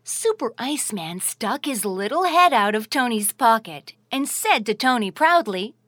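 Woman, children's story narrator, expressive, sing-song, high, slow, dry close recording. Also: no room sound.

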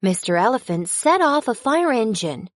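Brief: woman narrator, somewhat high, very lively pitch, children's story, dry sound. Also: normal speed, background noise. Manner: expressive, storytelling with sound effects.

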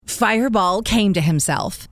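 A woman narrating a children's story in a scripted, expressive way, voicing the sound words with gusto. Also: medium pitch, measured pace, dry recording, clean studio sound.

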